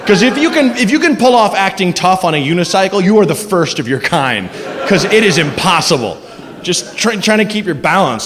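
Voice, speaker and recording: A man performing a stand-up comedy set on a club stage, animated and crude, acting out voices. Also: high-pitched, brisk, crowd noise. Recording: reverberant noisy club recording.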